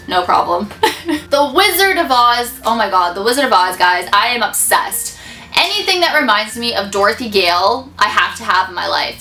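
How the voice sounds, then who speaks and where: A woman's voice: mid-range voice, bright, forceful tone. A young woman answering fan questions in a casual vlog, bubbly and gushing, laughing often. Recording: echoey room.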